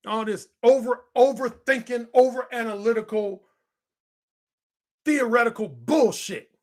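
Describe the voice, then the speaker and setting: A man's voice: extremely high pitch, measured pace. A man in his fifties, a dating coach, ranting in an emphatic and profane way. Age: 50s. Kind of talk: heated monologue.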